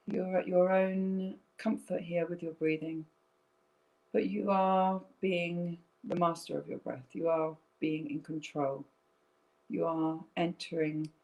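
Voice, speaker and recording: Soft-spoken yoga teacher lady, middle-aged, mellow warm voice, slow soothing breathing cues. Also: fairly low pitch, poor audio. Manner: soft, slow and soothing, with gentle check-ins. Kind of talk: guided breathing instruction. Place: home, via online stream.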